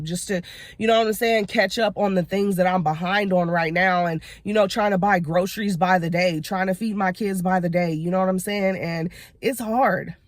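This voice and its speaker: A woman's voice: mid-range voice, no echo, studio quality. Earnest woman vlogging from her car. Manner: earnest, rambling, keeps saying "you know what I'm saying". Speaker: motivational vlogger. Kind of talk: casual motivational vlog talk. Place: sitting inside her car.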